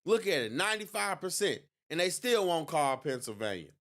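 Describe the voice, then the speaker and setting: A man's voice: fairly high pitch, sing-song, fairly quick, a bit bright. A man hosting a political livestream, talking in a gloating, mocking way and laughing often. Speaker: livestream host. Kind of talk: election night livestream commentary.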